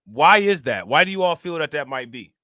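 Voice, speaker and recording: A man from Northeast Ohio with a flat Midwestern accent, hosting a casual livestream and rambling to his chat in slangy, loose talk. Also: fairly high pitch, a little fast, no echo, studio quality. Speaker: livestream host.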